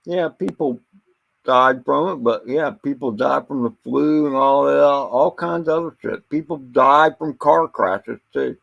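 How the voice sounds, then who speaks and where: The recording is lo-fi, carrying a man's mid-range, creaky, somewhat bright voice at a measured pace. As a livestream host he talks bluntly and casually, cursing freely, drifting off topic, and repeatedly stumbling over his words.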